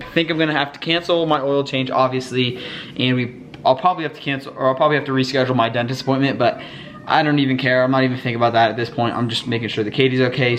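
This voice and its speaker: A man's voice: mid-range voice, slight background noise. A young father talks to his camera at home. He rambles and sounds worried, with lots of little fillers. It is easygoing, casual vlog chat. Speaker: vlogger dad. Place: family home, indoors.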